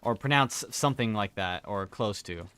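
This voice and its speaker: Bright-voiced young man chatting while gaming. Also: fairly low pitch, moderate pace, clear, resonant tone, no room sound. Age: young adult. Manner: rambling, self-correcting, chuckling storyteller. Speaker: gaming streamer. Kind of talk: casual chat while gaming.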